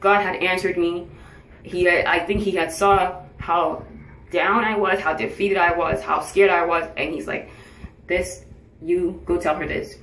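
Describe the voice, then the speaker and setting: A woman's voice: on the low side, steady tone, moderate pace, fairly bright tone, a little hiss or hum. A tired woman telling a personal story in a casual vlog, earnest and acting out what others said to her. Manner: earnest, retells conversations in quoted speech. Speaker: vlogger sharing her cancer journey. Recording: echoey room, voice from a distance.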